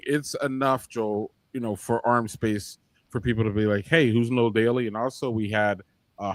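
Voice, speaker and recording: A man co-hosting a casual beer podcast, talking in a chatty, halting way with lots of fillers. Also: mid-range voice, a bit bright, no echo. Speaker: podcast co-host. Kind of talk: casual chat.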